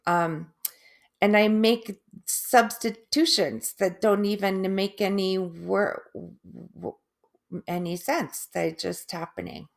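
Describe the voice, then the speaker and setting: A middle-aged woman talking in a casual personal video, halting, with restarts, long pauses and drawn-out, oddly stressed syllables. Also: medium pitch, steady tone, gravelly. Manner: laughs softly at herself. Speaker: vlogger sharing her stroke recovery.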